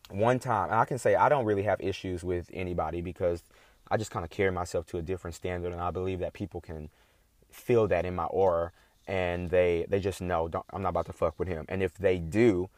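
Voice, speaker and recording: Profane, indignant man with lowish voice. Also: darkish tone, no echo. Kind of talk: casual heated monologue.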